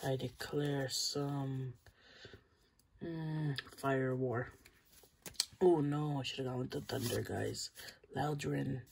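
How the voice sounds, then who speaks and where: A channel host giving casual commentary while opening trading cards, chatty and talking straight to the viewers, with bursts of excitement over good pulls. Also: mid-range voice, takes it slowly, creaky, slight background noise.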